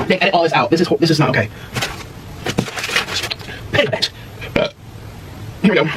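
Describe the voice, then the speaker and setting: A man vlogging as he tastes food, chatting casually in an animated, dramatic, jokey way. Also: fairly high pitch, moderate pace, long pauses. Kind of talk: casual food tasting chat. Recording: distant mic with clear background noise.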